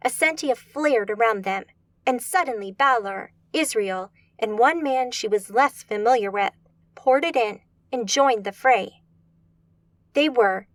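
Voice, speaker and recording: A woman reads an urban fantasy audiobook with steady, measured pacing. Her voice sits somewhat high, recorded close and dry with no room sound. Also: no room sound. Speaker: audiobook narrator. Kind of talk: scripted audiobook narration.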